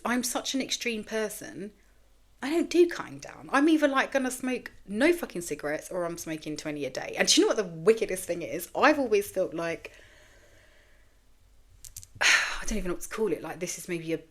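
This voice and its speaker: A woman's voice: mid-range voice, big pitch swings, fairly quick. A woman in her forties hosting a podcast, talking candidly and rambling in a raw, tearful state, swearing freely. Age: 40s. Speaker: podcast host. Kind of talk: casual confessional monologue.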